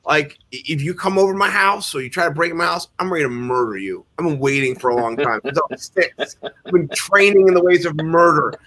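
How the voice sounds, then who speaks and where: A man's voice: on the high side, sharp tone. A man in casual chat, ranting with joking exaggeration. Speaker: podcast co-host.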